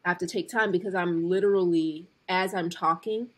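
A woman in her forties co-hosting a podcast and chatting casually. She speaks slowly and deliberately, choosing each word with care. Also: lowish voice, fairly even intonation, husky. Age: 40s. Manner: slow, deliberate speech. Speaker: podcast co-host. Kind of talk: casual conversation.

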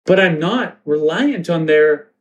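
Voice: medium pitch, expressive, slow pace, lo-fi sound. A narrator voicing a group of bewildered teen girls waking from a trance. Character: dazed, newly awakened teen girls.

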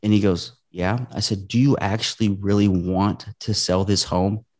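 Earnest animated man, low voice. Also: normal speed. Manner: earnest, animated storytelling with acted-out quotes. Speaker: real estate investor guest. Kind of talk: casual podcast talk.

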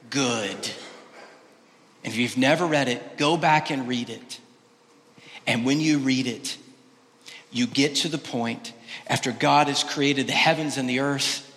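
A male pastor preaching a sermon, swinging between loud, emphatic exclamations and quiet, hushed lines. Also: medium pitch, in a large hall. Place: church sanctuary.

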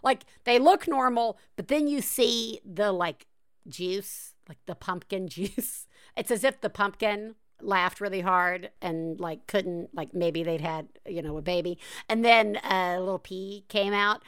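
A woman's voice: medium pitch, a little slow, a bit bright, clean tone. A woman podcast host from the American South, telling stories in casual chat with frequent laughs and fillers. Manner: chatty, laughs often, filler-heavy storytelling.

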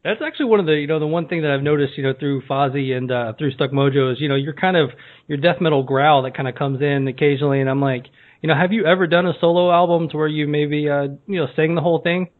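A man's voice: a little high, fast. A man hosting a casual interview, asking laid-back questions with fillers. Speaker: interviewer, podcast host. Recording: tinny phone-like line.

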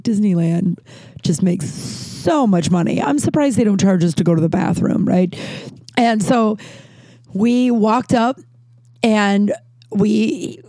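A woman's voice: medium pitch, dark tone, no room sound. A woman in her thirties telling casual stories in a rambling monologue, swearing freely and often restarting or correcting herself.

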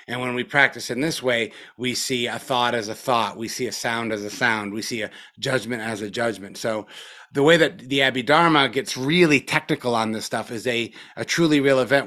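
Fresh off a retreat and a bit spaced out, a middle-aged man teaching meditation delivers a relaxed, profanity-laced dharma talk full of filler words. His mid-range voice has a sharp tone.

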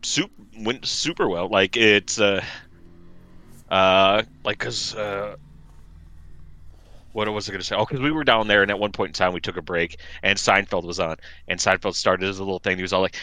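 A man tells a travel story in loose, rambling casual chat, stacking fillers and restarts. His voice is bright and forward. The sound is dry and close. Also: low voice, steady tone, moderate pace, dry recording. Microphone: remote call mic.

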